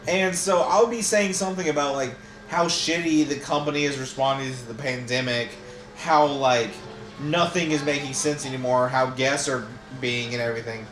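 A man's voice: medium pitch, normal speed, a bit bright, faint music behind. A young man talking casually about work, ranting and swearing. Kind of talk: casual podcast chat. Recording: echoey room, faint noise.

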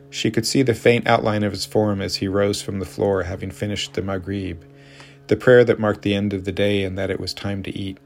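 A man narrating a story in a steady, measured reading voice. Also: fairly low pitch, vocal fry, soft background music.

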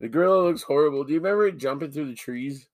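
Profane, joking man, higher-pitched. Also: rapid-fire, no echo, studio quality. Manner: profane, joking, mock-outraged. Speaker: podcast co-host. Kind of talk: casual movie-review chat.

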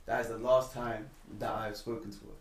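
A young man recounts a personal story in a relaxed, conversational way. He sounds set back from the mic in a roomy space, and his voice jumps up sharply when he gets indignant. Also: lowish voice, brisk, distant mic. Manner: animated, rising and loud when indignant. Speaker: guest telling a personal story. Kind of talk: casual storytelling chat.

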